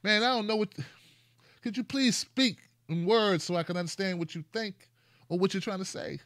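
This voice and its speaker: Bright-voiced sarcastic male commentary host. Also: high-pitched, moderate pace, no echo. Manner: animated, sarcastic, mock dialogues with rhetorical questions. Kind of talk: casual commentary monologue.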